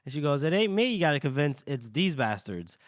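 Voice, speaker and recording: A podcast co-host with a fairly high, very animated male voice chats casually about a novel, recapping its chapters. He retells scenes by slipping into quick put-on character voices and laughs often. The studio recording is clean, with no echo.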